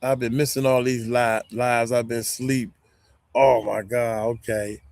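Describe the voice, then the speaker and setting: A man's voice: medium pitch, measured pace, creaky, no echo. A man hosting a casual live stream, giving folksy, rambling advice with side tangents. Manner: folksy, animated, rambling with digressions. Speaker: YouTube growth coach, live stream host.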